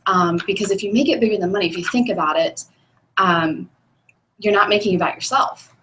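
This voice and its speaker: A woman's voice: mid-range voice, a little fast, fairly bright tone. A woman giving an earnest personal testimony at a sales meeting, hesitant and full of ums, recorded from a distance. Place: meeting room, speaking up front. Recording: echoey room from a distant mic.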